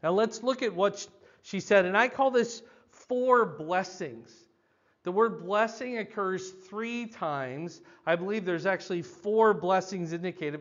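An older man teaching a Bible passage verse by verse, with a loud, emphatic, explanatory delivery. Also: sits high, highs cut off.

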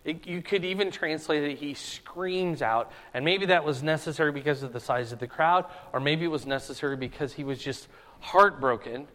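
A man's voice: on the high side, normal speed, fairly bright tone. A man preaching an informal, verse-by-verse sermon who keeps checking in with his listeners. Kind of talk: conversational sermon, verse-by-verse teaching. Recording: long reverb of a hall.

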